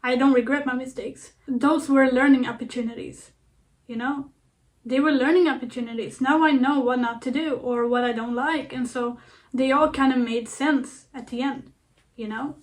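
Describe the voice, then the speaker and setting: High-voiced young woman giving pep talk. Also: fairly even intonation, normal speed. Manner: earnest, repetitive, playful self-talk with fillers. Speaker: vlogger. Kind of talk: casual self-help talk to camera.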